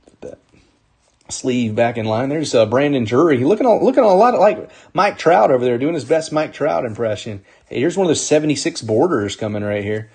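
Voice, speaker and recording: Upbeat husky man hosting a card break. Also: medium pitch, expressive, fairly quick, a little mellow. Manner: upbeat, calls out names and teams while opening packs. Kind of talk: live card break commentary.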